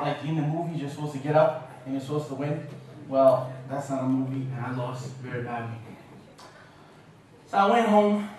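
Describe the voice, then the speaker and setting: A man's voice: fairly high pitch, a little hiss or hum. Man telling a funny story in an echoey hall. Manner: animated, self-mocking humorous storytelling. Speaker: guest speaker. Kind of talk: lecture storytelling. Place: university lecture room. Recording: echoey lecture hall from far off.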